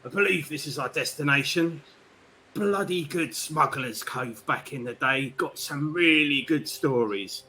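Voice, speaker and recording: A man's voice: fairly high pitch, a little slow, pushed and bright, slight background noise. A man voicing a jovial, rum-swigging male ex-smuggler who talks in a hearty, reminiscing way. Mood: nostalgic.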